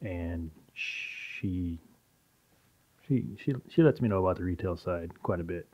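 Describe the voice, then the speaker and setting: A man, a pharmacist, chatting as a podcast guest in a measured, explanatory way. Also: deep voice, a little mellow. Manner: explanatory, measured, some restarts. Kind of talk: casual podcast chat. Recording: dull lo-fi podcast audio.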